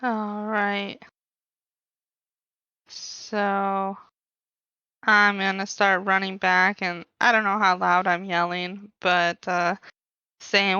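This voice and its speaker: A woman plays in a tabletop game, speaking slowly and casually, with a bright, crisp, smooth voice. The sound is dry and a little dull, like a cheap mic. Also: mid-range voice, flat delivery, no echo. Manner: laid-back, swears casually. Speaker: player.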